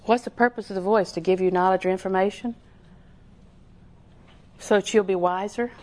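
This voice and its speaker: A woman's voice: medium pitch, fairly even intonation, moderate pace, a little mellow. A middle-aged woman, preaching a sermon in a folksy, storytelling way with lots of repetition.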